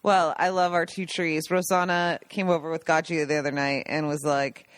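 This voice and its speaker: A woman from the United States co-hosting a podcast, chatting in an animated way and laughing easily. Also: deep voice, moderate pace, no echo. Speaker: podcast co-host. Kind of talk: casual chat.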